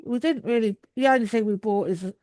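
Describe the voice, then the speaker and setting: A chatty woman, talking over a video call. Her voice sits a little high, and she rambles on with many restarts. The sound is dry and close. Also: fairly quick, dark tone, no room sound. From England. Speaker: guest. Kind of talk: casual video call chat.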